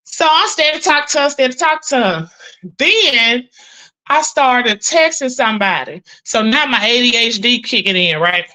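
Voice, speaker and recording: A woman's voice: fairly high pitch, lively intonation, pushed and bright, poor audio. A middle-aged woman hosting a livestream, chatting casually and profanely while doing chores, calling her viewers honey and girl. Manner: drawn-out emphatic storytelling. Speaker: livestream host.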